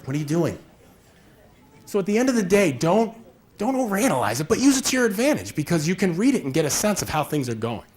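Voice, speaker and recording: A man's voice: high-pitched, big pitch swings, quick pace, a little mellow. A man giving a conversational workshop presentation, acting out little scenes with quoted voices as he explains. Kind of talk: live workshop talk.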